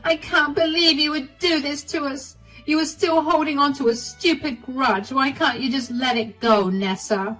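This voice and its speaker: A woman putting on a shrill, entitled sister. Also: fairly even intonation, normal speed, hardly any pauses, fairly bright tone, far from the mic, soft background music, poor audio. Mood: indignant.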